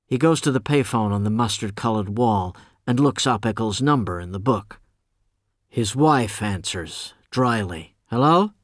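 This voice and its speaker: A male audiobook narrator reading a literary novel in a measured, even way. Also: fairly low pitch, no room sound, clean studio sound.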